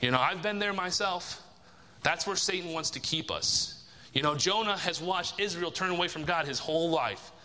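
At normal speed, a man with a fairly high, bright and forceful voice preaches in a large hall, where long reverb trails his words. His delivery is emphatic, with repeated key phrases and rhetorical questions fired at his audience.

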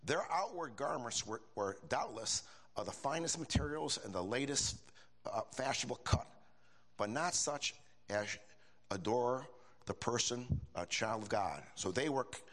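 An older man preaching a sermon in a folksy, animated way, with emphatic high bursts and casual asides. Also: a little slow.

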